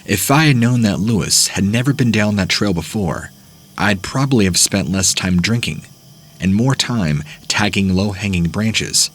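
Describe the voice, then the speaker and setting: A man narrating first-person horror stories as the host of a channel, reading in a plain, steady way. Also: on the low side, moderate pace, a little hiss or hum.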